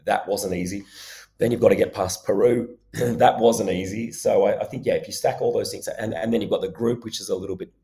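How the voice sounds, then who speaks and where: Casting: male journalist guest, hoarse, gravelly low voice, mellow tone, rambling answers. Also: fairly even intonation, a little fast. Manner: thoughtful, rambling. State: voice going hoarse. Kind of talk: remote interview.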